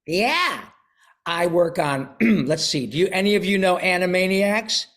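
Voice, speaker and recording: An older man, a voice actor, chatting and reading a picture book aloud to a class of children over a video call, clearing his throat now and then. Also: high-pitched, expressive, unhurried, fairly bright tone.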